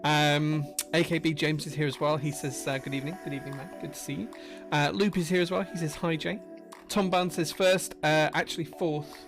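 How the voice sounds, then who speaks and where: A keyboard builder hosts a casual livestream with music playing behind him, greeting viewers by name. His fairly high voice holds a steady tone and moves a little fast with few pauses, as he rambles in a friendly way and reads chat names aloud amid many fillers.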